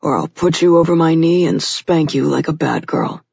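A woman's voice: sits low, fairly even intonation, normal speed, gravelly, a little mellow, slightly rough, no echo, heavily acted. A woman narrator voicing a brash, commanding male cop who talks bluntly and crudely. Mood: gruff, teasing. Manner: blunt, profane, bossy. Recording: dull lo-fi recording.

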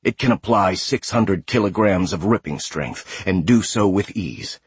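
Man reading as android woman in a guy's body, precise, husky low, dry mic. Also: expressive, measured pace, no room sound, full character voice. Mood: cool. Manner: clipped, exact. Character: cool precise female android in a male body.

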